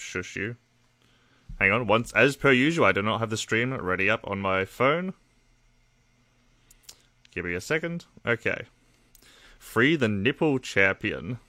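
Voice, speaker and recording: A man's voice: fairly low pitch, sharp tone, no echo. A man, casually chatting on his livestream, joking crudely and reading chat aloud. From Australia. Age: 20s.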